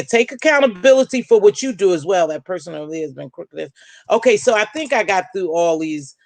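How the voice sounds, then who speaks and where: A woman's voice: creaky, dry recording. A woman hosting a live stream, chatting and reacting to her chat in an emphatic, preachy way, calling viewers "baby". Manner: animated, swings pitch up and down. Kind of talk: casual live stream commentary, reading chat.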